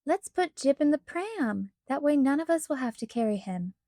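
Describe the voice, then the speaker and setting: Woman reader doing a pushy young schoolgirl, high voice, dry close sound. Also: sing-song, normal speed, no echo. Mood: scheming. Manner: bold, scheming, loud. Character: bossy impulsive ten-year-old girl.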